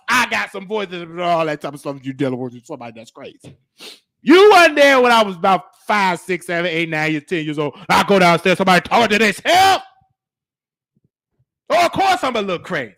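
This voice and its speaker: High, animated storyteller man. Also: vocal fry. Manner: animated, excitable, talks back to the listener. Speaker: show host telling a childhood story. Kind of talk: comedic storytelling monologue.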